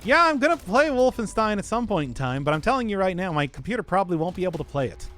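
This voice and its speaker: A man's voice: sits high, very animated, fast, fairly bright tone. A male streamer in casual live-stream chat, reading viewer requests with wry, teasing banter.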